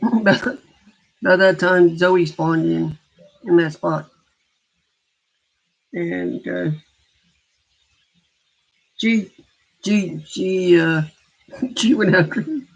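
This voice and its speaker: A man with a high, gravelly voice tells a meandering story in a casual way, often backing up and restarting his sentences. The recording is muffled and lo-fi. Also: very slow, pauses often. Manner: rambling, with frequent restarts. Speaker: gamer recounting a story. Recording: dull lo-fi recording.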